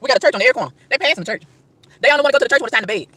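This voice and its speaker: A woman's voice: a little high, lively intonation, very fast, fairly bright tone, husky, no room sound. A woman outdoors in a park, delivering an emphatic, preachy rant to camera, firing rhetorical questions and tripping over repeated words. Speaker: vlogger.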